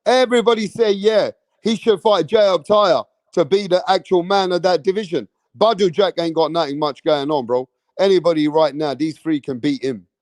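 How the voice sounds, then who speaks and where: High-voiced British man ranting at chat. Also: no room sound. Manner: animated, slangy, talks straight to chat. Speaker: boxing stream host. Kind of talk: casual live-stream commentary.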